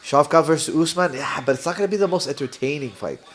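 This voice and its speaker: A man's voice: a little high, fast, soft background music. A young man with a Canadian accent hosts a live watch party, chatting casually, reading viewer comments and laughing often.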